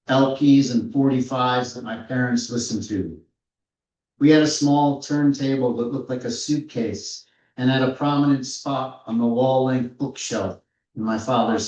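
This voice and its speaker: A man in his fifties, an author giving a measured, reflective reading from his memoir at a live authors' event. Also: medium pitch, darkish tone. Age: 50s. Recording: roomy, distant, dull-sounding hall recording.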